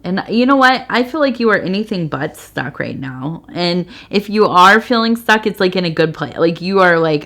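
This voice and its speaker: A woman's voice: on the low side, animated, normal speed, hardly any pauses, fairly bright tone. A middle-aged woman hosting a casual tea leaf reading, rambling and meandering with lots of fillers. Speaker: tea leaf reader, channel host.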